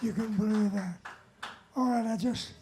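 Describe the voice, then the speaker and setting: An older man accepting an award on a nightclub stage, telling jokes in a halting, wandering way. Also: high voice, mellow, a little hiss or hum. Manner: halting and wandering, with lots of restarts. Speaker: award honoree. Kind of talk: rambling speech with told jokes.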